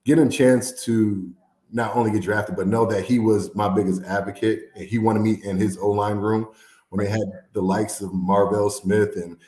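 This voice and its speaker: A man from Indiana, a former football player, telling stories as an interview guest with animated, laughing delivery. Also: on the low side, normal speed, reverberant. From Indiana, USA. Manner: animated storyteller, laughs often, acts out quotes. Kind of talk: casual interview storytelling.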